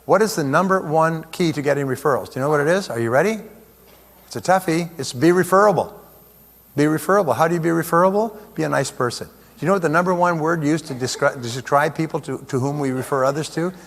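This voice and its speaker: A man's voice: on the high side, fast talker. A man giving a motivational seminar talk in a large hall, joking with and rousing the audience. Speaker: seminar speaker. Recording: echoey hall with long reverb.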